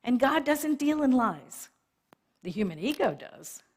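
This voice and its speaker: Woman minister, sermon, lively up-and-down delivery, higher voice, laughs often, asks "right?". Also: a little slow, husky.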